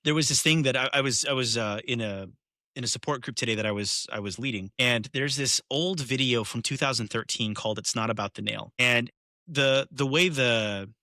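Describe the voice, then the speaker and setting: A man talks casually as a podcast guest, winding through a story and often restarting mid-sentence. His voice is bright and forceful. The recording is dry and close. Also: mid-range voice, no echo. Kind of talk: casual conversation.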